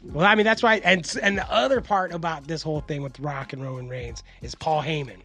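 High-voiced man swearing through casual chat. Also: fairly quick, sharp tone, faint music behind. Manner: profane, rambling storyteller. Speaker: podcast host.

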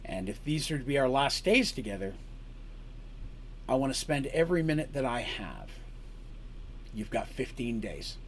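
A man's voice: medium pitch, very animated, a little hiss or hum, voice pushed down. A man voicing a grave king who speaks as a loving father and ruler. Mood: solemn. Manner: solemn, measured.

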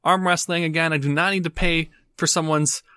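A man voicing a tiny, fussy male tavern owner in a tabletop game, squeaky and exasperated. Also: steady tone, fairly quick, pushed and bright, clean tone, no echo.

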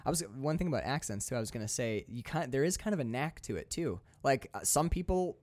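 Guy co-hosting a movie podcast, really animated pitch, dry close sound, laughs a lot. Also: quick pace, dry recording. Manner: animated, chatty, laughs often. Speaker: podcast co-host. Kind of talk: casual film chat.

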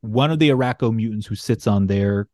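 A man's voice: on the low side, a little fast, dark tone, dry recording, clean studio sound. A man casually recapping a comic book on a podcast, rambling and swearing as he jokes through the story. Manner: rambling, profane, jokey storytelling. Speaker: podcast host.

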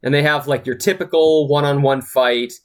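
A man's voice: a little high, steady tone, normal speed. A man giving a rambling, exasperated and profane recap of a movie in casual chat.

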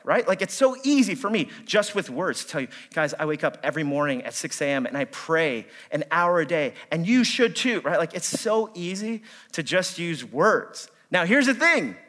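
A man, preaching a sermon and telling stories with lively swings in voice as he acts out his own replies. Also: on the high side. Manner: animated storytelling, acting out his own angry replies. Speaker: pastor.

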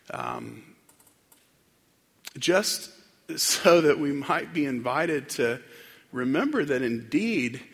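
A man delivers a sermon in a church sanctuary, his voice gravelly and a little husky. He speaks in a reflective, unhurried way and often pauses on fillers and restarts. His words ring out with long hall reverb. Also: fairly high pitch, a bit bright. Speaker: pastor.

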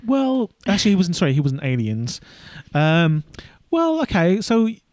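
A man chats loosely on a podcast, his voice sitting a little high. He rambles and restarts, full of ums. The sound is close and dry. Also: sing-song, moderate pace, a little mellow, dry recording. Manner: rambling, many fillers and restarts. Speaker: podcast co-host. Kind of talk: casual podcast chat.

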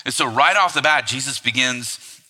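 A man's voice: medium pitch, normal speed, bright, forceful tone. A man preaching a sermon as pastor, talking conversationally with rhetorical asides and frequent fillers. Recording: long hall reverb.

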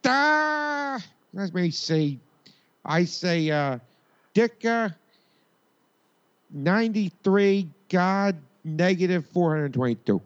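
Squeaky male superfan bit, put on by a man, high and silly, lo-fi sound. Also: animated, slow pace, pauses often. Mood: goofy.

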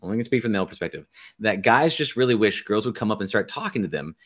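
A man's voice: on the low side, expressive, quick pace. A man hosting a podcast interview, thinking aloud with restarts as he sets up his questions. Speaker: podcast host. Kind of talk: conversational interview.

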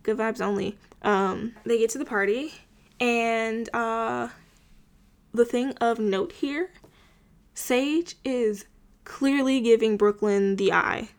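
A woman's voice: on the high side, slow pace. A young woman casually recapping a TV episode, chatty and full of filler words, with wry asides. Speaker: show recapper.

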